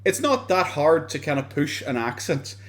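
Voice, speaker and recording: A man's voice: on the high side, very animated, normal speed, fairly bright tone. Drunk Irish man ranting. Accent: Irish, Dublin. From Ireland. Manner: ranting, mocking, swears often, laughs between lines. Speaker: commentator. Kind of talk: drunken rambling commentary.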